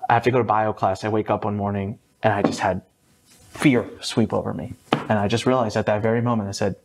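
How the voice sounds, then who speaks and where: A man in his thirties, an entrepreneur guest in a podcast interview, telling his story with animated energy and a casual, sometimes swearing manner. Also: brisk. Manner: lively, swings up high for quoted voices, mild swearing.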